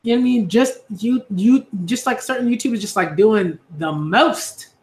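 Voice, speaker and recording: A man's voice: high voice, normal speed, echoey room. A man speaking earnestly in a casual monologue, repeating himself with many fillers and restarts. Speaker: YouTube commentator.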